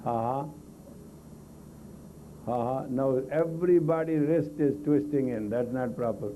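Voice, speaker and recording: On a tinny, lo-fi 1980s tape of a live session, a meditation teacher with a mid-range voice speaks a little slowly over slight background noise. He directs a group exercise class with blunt yet coaxing commands, his English grammar non-native.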